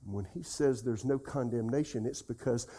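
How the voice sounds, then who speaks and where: An older man preaching a folksy sermon as pastor, dropping soft and slow to repeat scripture. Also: mid-range voice, breathy edge.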